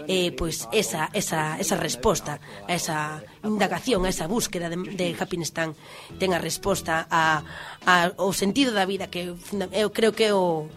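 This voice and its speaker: A woman host giving casual spoken commentary, halting and restarting often. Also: medium pitch. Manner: halting, with many fillers and restarts. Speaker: radio host.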